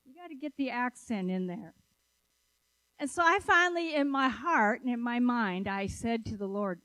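A woman's voice: fairly high pitch, normal speed, no room sound, low-quality recording. Conversational woman preaching a sermon, dry sound. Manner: animated, conversational, asks the audience questions. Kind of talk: sermon with storytelling.

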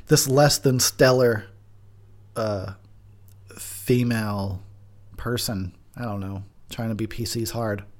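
A man's voice: on the low side, steady tone, slow pace, long pauses. A tipsy man giving crude, rambling drunken movie commentary, laughing often. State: drinking, tipsy.

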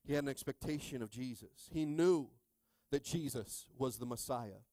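A male pastor in his thirties preaching a sermon, calling out to the congregation and swinging from quiet asides to shouting. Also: mid-range voice, moderate pace, dry recording.

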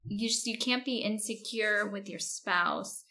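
Female co-host, military spouse, crisp, bright tone, casual and talkative. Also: mid-range voice, a little slow. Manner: chatty, with many "like"s, often laughing. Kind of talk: casual chat.

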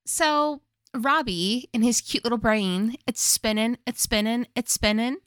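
A woman's voice: on the high side, a little slow, a bit bright, dry recording. Chatty woman podcast co-host, dry sound. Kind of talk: casual chat.

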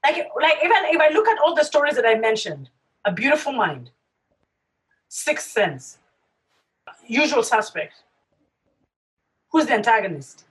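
Animated high-voiced woman, lively delivery. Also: unhurried, pauses often, recorded from a distance, rough recording. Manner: animated, emphatic, acts out reactions. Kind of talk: casual chat.

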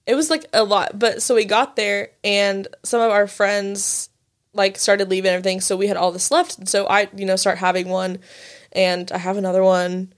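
A young woman in her twenties rambles through a story on a podcast, full of "like" and swearing. She laughs as she goes, her voice sitting at an ordinary middle pitch. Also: little pitch movement. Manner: fast, profane, laughing, filler-heavy "like". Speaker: podcast co-host. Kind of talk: casual storytelling chat.

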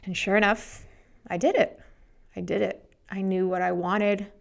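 Gravelly-voiced woman telling her story. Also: mid-range voice, a little slow. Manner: animated, acts out quoted voices. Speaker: guest. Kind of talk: storytelling interview.

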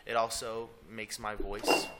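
A man's voice: fairly low pitch, little pitch movement, very noisy. A man in a band, guest on a podcast, chatting casually and easily, with frequent restarts. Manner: easygoing, talks in quick bursts with restarts. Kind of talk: casual interview chat.

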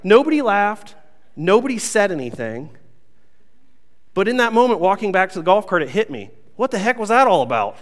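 A young male pastor with a somewhat high voice tells a self-mocking story to his congregation. His delivery is lively and playful. The sound carries a long reverb from a large hall. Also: a little fast. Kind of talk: sermon with humorous story.

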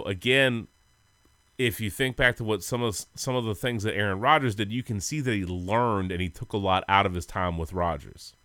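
A man's voice: fairly low pitch, a bit bright, clear, resonant tone, dry recording. A man co-hosting a sports podcast, telling rambling, goofy stories in casual chat and laughing often. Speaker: podcast co-host.

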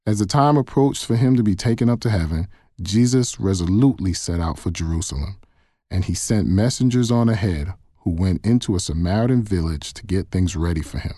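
A man reading a Bible passage aloud in a measured, even way. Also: deep voice, no room sound, studio quality. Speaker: Bible reader. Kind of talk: scripted scripture reading.

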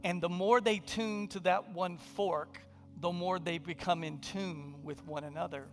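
A man preaching a sermon in a conversational, humorous storytelling way, sometimes dropping to a hushed, intimate delivery. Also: high-pitched, fairly even intonation, a little slow, faint music behind. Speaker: pastor.

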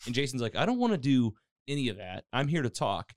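Animated man recapping a show. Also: mid-range voice, quick pace, dry recording, clean studio sound. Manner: animated storytelling, acting out quotes, many fillers. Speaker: podcast host recapping a TV episode. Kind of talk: casual chat.

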